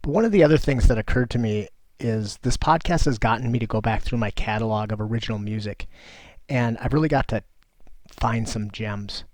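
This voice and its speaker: A man's voice: lowish voice, brisk, a little mellow, dry recording. Guy cohosting a podcast, chill rambly talk, dry close mic. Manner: laid-back, profane, rambling. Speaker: podcast co-host. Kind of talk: casual chat.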